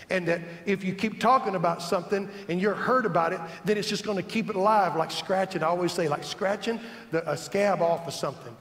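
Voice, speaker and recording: Male pastor, high-pitched, emphatic sermon delivery in an echoey sanctuary. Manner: emphatic, builds repeated lists. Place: church sanctuary. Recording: echoey church hall.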